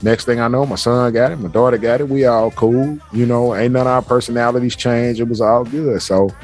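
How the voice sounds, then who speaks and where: A man's voice: medium pitch, steady tone, a little fast, a little mellow, soft background music. A middle-aged man and show host telling a story casually, loose and profane, laughing as he talks, from a basement home office.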